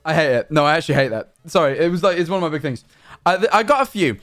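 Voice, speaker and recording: A man talks casually to his stream audience in a high, bouncy voice that swings widely in pitch. He rants animatedly and swears freely. Faint music plays behind him. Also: rapid-fire. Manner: animated ranting, frequent swearing. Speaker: livestreamer. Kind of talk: casual chat to stream viewers.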